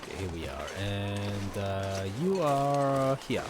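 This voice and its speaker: Gaming streamer, male, lively up-and-down delivery, explains mechanics as he plays, faint noise underneath. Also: lowish voice, slow pace. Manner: thinks aloud, explains mechanics to viewers. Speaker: gaming livestreamer. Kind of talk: casual gameplay commentary.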